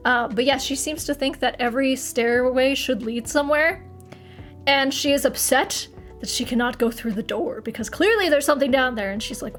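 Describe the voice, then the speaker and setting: A woman's voice: sits high, normal speed, a bit bright, soft background music. A young woman streamer chatting casually to her live audience, rambling, swearing freely and laughing often.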